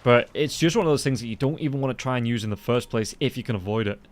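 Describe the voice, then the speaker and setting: A man doing play-by-play esports commentary, quick and lifting into excited calls during fights. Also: medium pitch. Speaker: esports caster.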